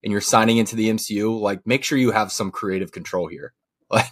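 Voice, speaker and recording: A man with a low, husky voice talks casually on a movie podcast. He sounds enthusiastic about his opinions and laughs lightly between points. The tone is relaxed and conversational throughout. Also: brisk. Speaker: podcast co-host.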